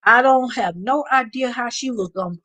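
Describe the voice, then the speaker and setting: An American woman hosting a live stream, chatting and telling stories with animated asides. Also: fairly high pitch, normal speed. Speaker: vlog host. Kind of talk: live stream casual chat.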